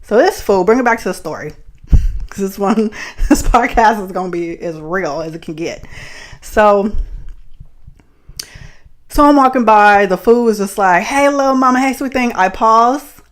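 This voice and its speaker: A woman from the Bay Area hosting a podcast, telling a story in a blunt, profane, animated way and laughing often. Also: mid-range voice. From San Francisco Bay Area. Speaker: podcast host. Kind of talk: casual storytelling monologue.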